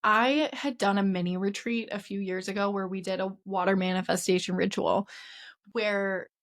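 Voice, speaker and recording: With a mid-range voice, fairly even intonation and a moderate pace, a woman podcast host talks through a casual lesson on spiritual wellness. She mixes in personal stories and speaks earnestly and openly.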